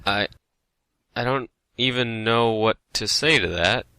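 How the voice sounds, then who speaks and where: A man co-hosting a comedy talk-show sketch, flustered and deadpan with a rude guest. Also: mid-range voice, slow, clear, resonant tone, dry recording. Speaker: co-host.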